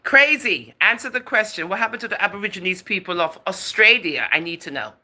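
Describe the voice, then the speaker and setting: Bright, lively woman on a livestream. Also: medium pitch, a little fast. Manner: chatty and teasing, often laughing, calls viewers darling and girl. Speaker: livestream host. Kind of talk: casual livestream chat, reading out viewer comments.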